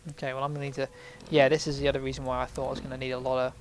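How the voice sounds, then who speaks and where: A man's voice: medium pitch, flat delivery, very fast, slight background noise. A man giving casual, rambling gameplay commentary, swearing and joking at himself. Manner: rambling, swearing, self-mocking. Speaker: let's play host.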